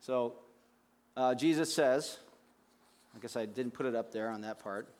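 A man's voice: mid-range voice, unhurried, darkish tone. A man preaching a sermon as pastor, speaking conversationally with frequent restarts.

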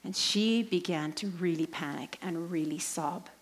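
A woman leading a pilgrimage group, telling a story as a sermon. She swings between lively emphasis and hushed, near-whispered passages. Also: fairly low pitch, a little slow. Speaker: Christian speaker and pilgrimage leader.

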